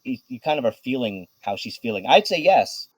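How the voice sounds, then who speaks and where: A man's voice: medium pitch, very animated, a little fast, slightly rough, no room sound, low-quality recording. A man running a tabletop game as game master, talking hesitantly with many restarts.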